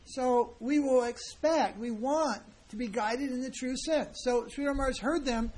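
A man's voice: very high voice, normal speed, darkish tone. A man teaching as a spiritual teacher in an informal sermon, speaking in a conversational, emphatic way and acting out the people he quotes.

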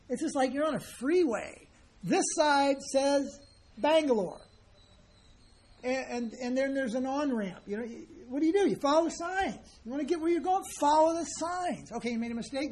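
A man's voice: extremely high pitch, animated, normal speed, a little mellow, husky. A man teaching as a spiritual teacher in an informal sermon, speaking in a conversational, emphatic way and acting out the people he quotes.

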